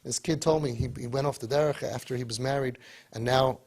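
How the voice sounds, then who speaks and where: Husky-voiced man giving an animated talk. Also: mid-range voice, fairly quick. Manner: animated, repetitive, rhetorical questions. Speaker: speaker to parents. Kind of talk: motivational talk.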